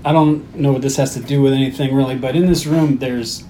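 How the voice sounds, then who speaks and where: A man's voice: mid-range voice, fairly even intonation, fairly quick, mellow, a little hiss or hum. Man recapping a movie plot. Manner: recaps the plot, swears casually. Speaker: podcast co-host. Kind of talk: casual movie recap chat.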